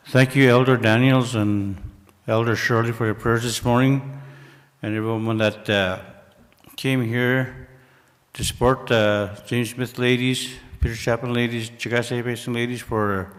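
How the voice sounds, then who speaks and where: Slow, hesitant man in a reverberant gym. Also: medium pitch. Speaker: ceremony speaker. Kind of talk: ceremony thank-you speech. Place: large gymnasium. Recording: echoey gymnasium, off-mic.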